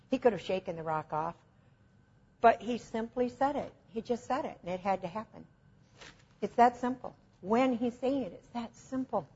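A woman's voice: medium pitch, husky, muffled recording. A woman preaching an informal teaching sermon, telling stories in an earnest, conversational and self-deprecating way.

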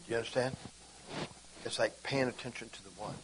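A man preaching an informal sermon, animated and acting out conversations with God. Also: mid-range voice, brisk, background noise.

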